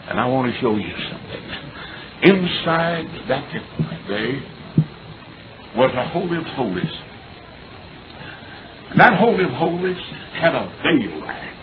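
A middle-aged male preacher tells his story from the pulpit and swells into fervent shouts. The sound is thin and phone-like, with a steady hiss of noise behind him. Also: mid-range voice, measured pace, pauses often. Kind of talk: sermon. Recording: tinny lo-fi recording with noise.

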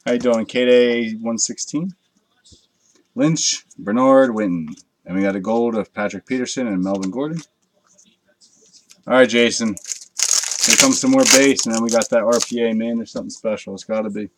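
A man's voice: medium pitch, normal speed, long pauses, very noisy. A man hosting a live card break, chatting casually with viewers and swearing freely as he opens packs late at night. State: tired from a long night.

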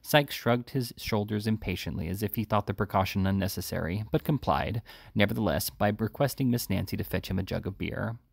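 Brief: low, gravelly male audiobook reader, plain steady narration, dry close sound. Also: brisk, no echo. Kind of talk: reading a classic novel aloud.

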